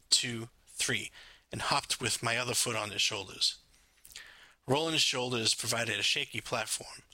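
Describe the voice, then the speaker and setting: A man from France narrating his own memoir in a measured, wry storytelling manner. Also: mid-range voice, sharp tone, no room sound. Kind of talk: scripted narration.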